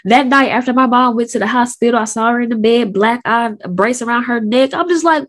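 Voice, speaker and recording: Candid woman in her thirties, slightly high. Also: fairly even intonation, fairly quick, a bit bright. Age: 30s. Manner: candid, conversational, slangy. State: sick. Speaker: host. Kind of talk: casual personal storytelling.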